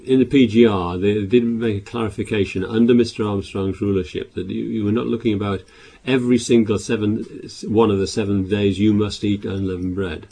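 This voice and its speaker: A man preaching a sermon, reading scripture aloud louder and explaining it with halting restarts and repeated words. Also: fairly low pitch, steady tone, gravelly, slightly rough.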